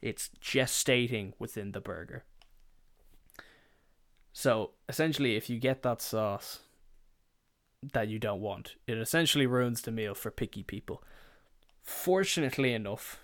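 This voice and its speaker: Young man, casual storyteller, swears a lot, mid-pitched, dry close recording. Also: measured pace, pauses often, a bit bright, no room sound. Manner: swearing, rambling, quoting family members. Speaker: podcast host.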